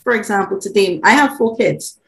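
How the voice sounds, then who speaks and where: A woman, talking as a parenting coach in an animated, laughing way. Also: mid-range voice, a little fast, gravelly, poor audio. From Trinidad. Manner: animated, laughs often, repeats words when excited. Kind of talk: conversational interview.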